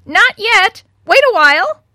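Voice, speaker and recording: A shrill, squawking male parrot from a children's storybook, as a woman puts him on, copying what he hears. His voice sits far above her own and rings sharp and bright. The sound is dry and close. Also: big pitch swings, unhurried, no room sound, heavily acted.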